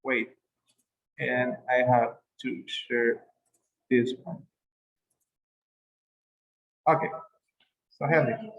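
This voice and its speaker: A man's voice: medium pitch, steady tone, drawn-out words, gravelly, pauses often, lo-fi sound. A man who speaks Spanish as a first language, teaching an English class on a video call in a patient manner, repeating words for emphasis.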